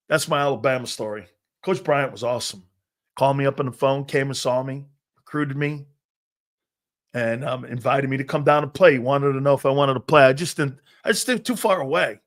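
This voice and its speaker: A middle-aged man from Connecticut hosting a sports talk show, telling rambling stories in a casual way and speaking to viewers in the live chat. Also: mid-range voice.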